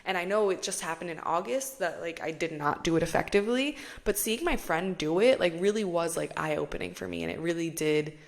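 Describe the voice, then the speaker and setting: A woman's voice: fairly low pitch, lively intonation, a little fast, hardly any pauses. Chatty young woman podcast host. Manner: chatty, frequent "like" fillers, swears casually. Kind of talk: casual podcast monologue.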